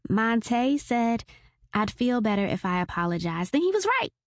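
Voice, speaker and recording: Read by a woman, a young adult daughter in her twenties sounds sheepish and apologetic, her voice pitched noticeably higher than the reader's own. The delivery is timid and bright. The recording is dry and close. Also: big pitch swings, normal speed, no echo. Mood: relieved.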